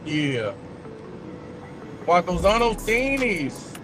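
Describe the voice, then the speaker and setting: A man in his forties with a high voice talks slowly and loosely from inside a car, muttering to himself and dropping slang as he sounds words out. Faint music plays behind him. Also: very animated. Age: 40s. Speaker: vlogger. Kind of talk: casual chat while practicing languages.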